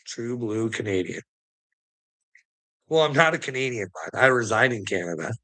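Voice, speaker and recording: A man rants into the mic in a taunting, profane monologue, his voice rough and gravelly. The tone is tense and edgy, and he mocks his listeners, hammering home words by repeating them. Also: medium pitch, lively intonation, normal speed, sharp tone. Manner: taunting, profane, mocking laughs. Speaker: online commentator. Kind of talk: ranting monologue to camera.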